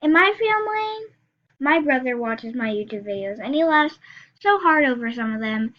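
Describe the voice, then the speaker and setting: Chatty teen girl with a high voice. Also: lively intonation, normal speed. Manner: chatty, rambling, with many fillers and restarts. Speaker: YouTuber. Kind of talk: casual reaction vlog, reading texts aloud. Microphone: screen recorder, built-in mic. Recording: slightly dull lo-fi sound.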